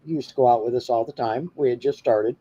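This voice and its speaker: Man with a dark, muffled voice. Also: medium pitch, fairly quick, husky. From New Hampshire. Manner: rambling, many fillers and restarts. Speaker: podcast host. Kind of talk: casual storytelling.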